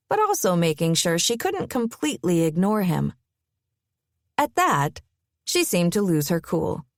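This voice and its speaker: A woman narrating a romance audiobook in an expressive, measured reading. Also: fairly low pitch, no echo, studio quality. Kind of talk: scripted narration.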